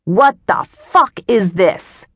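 A woman narrator voicing a furious, foul-mouthed male boss who yells and barks orders in an audiobook. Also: low voice, fast, dry recording, lightly acted. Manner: yelling, barking orders, swearing.

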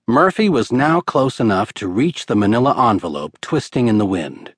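A man narrates an audiobook in a steady, measured storytelling manner, reading from a script. His mid-range voice has a breathy edge, and the recording is dry and of studio quality.

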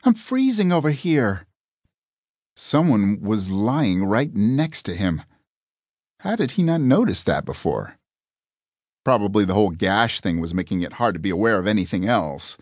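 A man's voice: fairly low pitch, sing-song, moderate pace, no room sound. A man narrating a comic audiobook with a dry, wry delivery.

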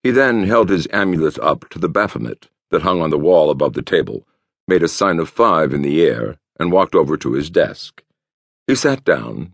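Deep gravelly male narrator. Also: no room sound. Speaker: audiobook narrator. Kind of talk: scripted narration.

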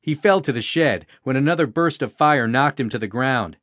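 Guy reading an audiobook, steady and even, mid pitch, dry close sound. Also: normal speed, no room sound. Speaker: audiobook narrator. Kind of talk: scripted narration.

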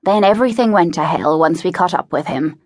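A woman voicing a rough hired thug who speaks slowly and defensively. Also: lowish voice, animated, a little mellow. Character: rough hired thug, defiant working man.

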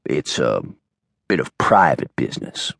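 A male audiobook narrator voicing a gruff, terse frontier man. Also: rumbling low, big pitch swings, measured pace, a bit bright, no echo, clean studio sound, voice pushed down, full character voice. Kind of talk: audiobook character voice.

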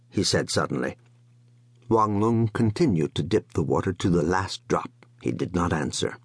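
A man narrating an unabridged classic novel as an audiobook, in measured, expressive storytelling. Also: deep voice, slightly rough, no room sound, studio quality.

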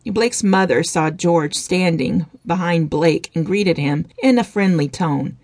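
A woman's voice: on the low side, expressive, a little slow, few pauses, a little mellow, dry recording, clean studio sound. Woman narrating a romance audiobook.

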